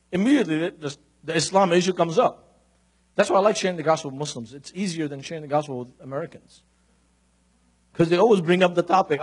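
Man, preacher, sermon, husky, high-pitched, storytelling. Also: fairly quick. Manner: storytelling, grows more animated and emphatic. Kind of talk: sermon with Bible reading and personal stories.

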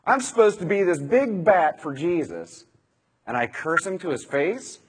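Remorseful grown disciple berating himself in a husky, lively-pitched voice, put on by a male preacher. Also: measured pace, big-room sound, exaggerated voice. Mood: self-reproaching. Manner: self-reproaching inner monologue.

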